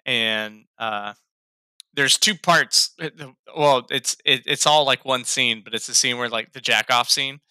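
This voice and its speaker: Bright crisp-voiced man chatting about a movie. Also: mid-range voice, unhurried, no echo, clean studio sound. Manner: laughing, profane, quotes lines in raised voices. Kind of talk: casual movie review chat.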